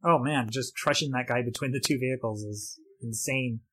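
A man co-hosting a podcast, giving casual film commentary in a rambling, halting way with quick laughs. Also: mid-range voice, fairly bright tone, husky. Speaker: podcast co-host.

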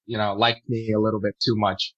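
A man's voice: on the low side, flat delivery, brisk, fairly bright tone. Young man, crude storyteller, laughs a lot, dull lo-fi audio. Casual chat. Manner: crude, joking, laughs often. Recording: dull lo-fi sound.

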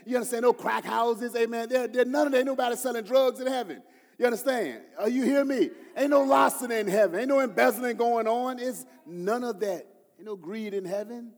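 Man, pastor, sermon, hushed lows to sung shouts, high-pitched, echoing hall. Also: brisk. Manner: preaching with rising, shouted emphasis and sung phrases; often drops to a low, hushed voice when quoting prayers.

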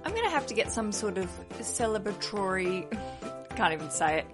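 A woman's voice: mid-range voice, sing-song, normal speed, over music. Bubbly, chatty woman hosting a podcast. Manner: chatty, bubbly, self-mocking, rambling restarts. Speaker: podcast host. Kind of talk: solo podcast talk.

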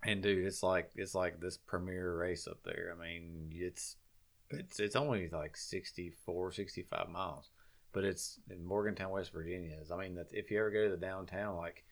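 A man's voice: sits low, steady tone, moderate pace, gravelly. A man chatting casually as host, laughing along and using easygoing slang. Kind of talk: casual chat.

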